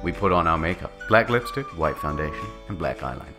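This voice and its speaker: A man narrating a comedic dramatic reading with a mocking, lively delivery. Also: deep voice, fast talker, music in the background.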